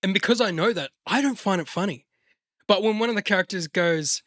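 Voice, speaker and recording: A man's voice: sits high, fairly quick, pushed and bright, dry recording, studio quality. A man co-hosting a podcast in casual chat, rambling and swearing, often slipping into put-on voices. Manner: profane, rambling, slips into voices.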